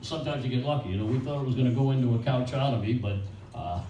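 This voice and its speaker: A man's voice: medium pitch, very fast, dark tone, muffled recording, slight background noise. An older man doing rambling, crude stand-up comedy at an open mic in a small bakery, jumping between one-liners. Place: small bakery venue with few people. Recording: roomy echo from a distant mic, faint ambience.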